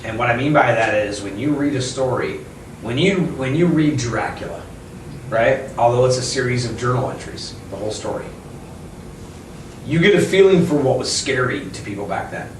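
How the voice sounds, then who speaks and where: A man who owns a bookstore, chatting casually in an interview, rambling and animated as he tells stories. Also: medium pitch, normal speed, a little hiss or hum. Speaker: bookstore owner and author. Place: inside his bookstore. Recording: echoey room, mic at a distance.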